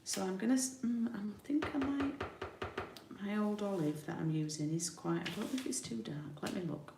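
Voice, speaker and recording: A woman's voice: medium pitch, moderate pace, vocal fry, background noise. A woman from the UK demonstrating card making in a chatty live tutorial, thinking aloud as she works. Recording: roomy home recording.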